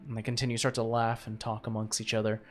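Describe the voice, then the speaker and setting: A man's voice: lowish voice, little pitch movement, quick pace, faint music behind. A man narrating as game master in a tabletop game, rambling with many fillers.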